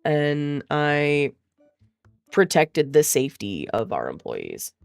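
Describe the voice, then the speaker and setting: A woman's voice: low-pitched, wildly swooping pitch, takes it slowly, vocal fry, dry recording, soft background music. A woman talking in a casual chat, venting in a profane, exasperated way. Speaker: streamer.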